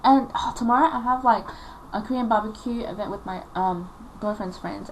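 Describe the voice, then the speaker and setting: A woman's voice: medium pitch, normal speed, lo-fi sound, a little hiss or hum. A woman in her late teens telling a personal story on a confessional vlog, emotional and rambling, full of filler likes. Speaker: vlogger.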